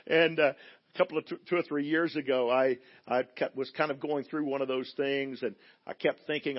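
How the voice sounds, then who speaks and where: A middle-aged man, a guest pastor, preaching a sermon in a church, telling a story and moving from quiet asides to loud, emphatic passages. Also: mid-range voice, brisk, highs cut off. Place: church sanctuary.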